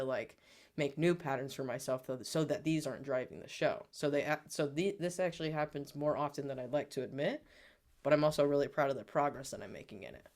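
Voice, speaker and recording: A man co-hosting a podcast, earnestly reflecting on his own feelings and growth with therapy-style language. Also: on the high side. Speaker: podcast co-host. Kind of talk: personal storytelling on a podcast.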